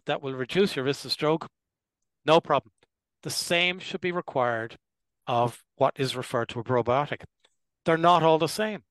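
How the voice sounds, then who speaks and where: Older man, dry and deliberate. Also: mid-range voice, fairly bright tone, dry recording, low-quality recording. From Ireland. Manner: measured, deliberate, clears his throat now and then. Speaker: gastroenterologist guest. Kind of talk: explanatory interview answers.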